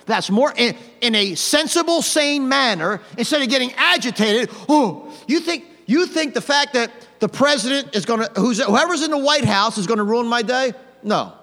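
A man preaching an old-fashioned hellfire sermon, swinging from quiet to loud with mocking asides. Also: extremely high pitch, expressive, moderate pace, few pauses, big-room sound. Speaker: pastor.

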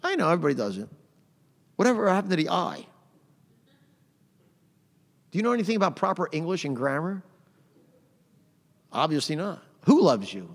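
A middle-aged man preaching a sermon in a conversational way, punching out phrases loudly and adding "amen". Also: a little high, big pitch swings, moderate pace, pauses often. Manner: conversational preaching with sudden loud emphatic phrases and frequent "amen". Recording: long hall reverb.

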